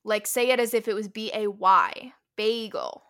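Casting: woman podcast co-host with a bright voice, frank and teasing, talking casually from a home office. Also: mid-range voice, steady tone, moderate pace. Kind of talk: casual chat.

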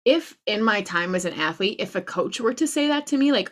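A woman's voice: mid-range voice, expressive, fairly quick. A woman co-hosting a podcast, chatting candidly and poking fun at herself. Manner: self-deprecating, candid, laughs often. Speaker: podcast co-host. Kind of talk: casual chat.

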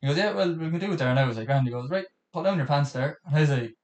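A young man rattles through his stories at speed, slipping into other people's voices as he goes. His voice sits at an ordinary pitch, and the room around him rings with a noticeable echo. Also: racing. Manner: animated storytelling, quoting people in voices. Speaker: podcast host. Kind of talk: casual chat. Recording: roomy, echoey room.

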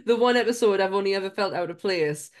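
A woman's voice: medium pitch, fast talker. A woman from Sunderland with a Mackem accent, co-hosting a podcast in casual, laughing chat. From Sunderland, England. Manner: chatty, laughs often, swears casually. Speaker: podcast co-host.

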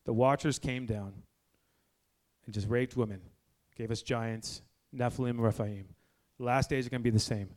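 A man in his forties preaching a blunt, fiery sermon to a men's group indoors, moving between low, quiet stretches and loud exhortation. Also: steady tone, moderate pace. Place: indoor room with a gathered group.

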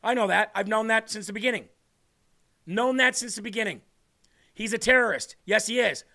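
A man hosts his own livestream, delivering fiery political commentary. His voice sits high and sounds bright and sharp. He leans into each point in a combative, ranting way. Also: a little fast, gravelly. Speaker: livestream show host.

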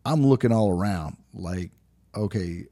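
A man in his forties with a Southern accent talks in a low, husky voice. He co-hosts a casual podcast, rambling through stories and laughing often. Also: a little fast, dark tone. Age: 40s. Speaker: podcast co-host. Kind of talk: casual chat.

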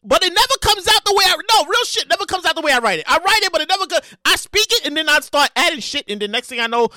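Male podcast host: high, lively voice, rambling and profane, close and dry. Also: very fast, no room sound. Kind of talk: casual solo commentary.

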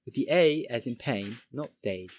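A man casually reading a pronunciation guide aloud to friends, halting and restarting as he goes. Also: medium pitch, animated, a little mellow, slight background noise.

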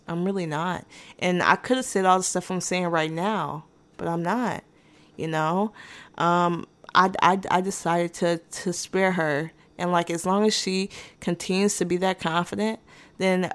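A woman hosting a podcast, telling a rambling story time in a dry, sarcastic and unbothered way. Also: lowish voice. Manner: rambling with restarts and asides. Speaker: podcast host. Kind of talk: casual storytime monologue.

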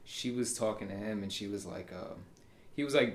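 A man co-hosting a casual podcast, retelling things with animated impressions of the people involved. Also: medium pitch, brisk. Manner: animated, does voices while retelling. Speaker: podcast co-host. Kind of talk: casual chat. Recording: echoey room.

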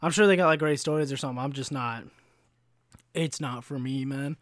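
A man's voice: medium pitch, brisk, a bit bright, no room sound, clean studio sound. A young man in his twenties, telling a rambling, profane story on his podcast, with plenty of likes and ums. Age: 20s. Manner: rambling, profane, full of fillers. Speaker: podcast host. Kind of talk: casual storytelling monologue.

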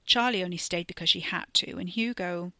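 Woman, horror story narrator, measured, slows for tension, bright tone, dry close sound. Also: fairly low pitch, no echo. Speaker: podcast storyteller. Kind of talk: scripted narration.

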